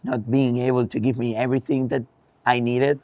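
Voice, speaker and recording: A man's voice: mid-range voice, flat delivery, normal speed, a little mellow, dry recording. A young man with a Spanish accent, a racing driver, answering interview questions thoughtfully with frequent ums and restarts.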